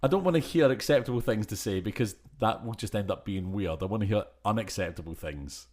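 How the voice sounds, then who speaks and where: A man from Scotland with a faint Scottish accent, co-hosting a chatty podcast, joking and talking in quick asides. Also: lowish voice, a little mellow. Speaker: podcast co-host. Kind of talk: casual chat.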